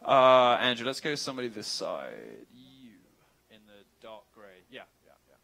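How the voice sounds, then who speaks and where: A man's voice: mid-range voice, big pitch swings, moderate pace, creaky, pushed and bright, poor audio. A man giving a campus talk and taking audience questions, provocative, sardonic and joking. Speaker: guest speaker.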